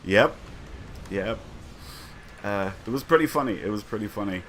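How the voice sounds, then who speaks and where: A man's voice: fairly low pitch, expressive, normal speed, fairly bright tone, a little hiss or hum. A man hosting a casual livestream, telling rambling anecdotes full of fillers and chuckles. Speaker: streamer and community host. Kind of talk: casual livestream chat, reading chat comments.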